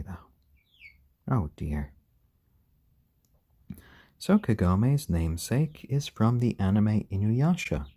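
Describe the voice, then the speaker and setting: A man hosting a casual live stream at home, gently chatting to viewers and talking softly and fondly to his baby chickens. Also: sits low, slightly rough.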